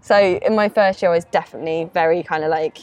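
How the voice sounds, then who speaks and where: A young woman from Oxford, chatting as a podcast guest with lots of fillers and lively quoted voices. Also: lowish voice, fast talker. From Oxford, England. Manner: chatty, many fillers, animated when quoting others. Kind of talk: casual chat. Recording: noisy recording with clicks.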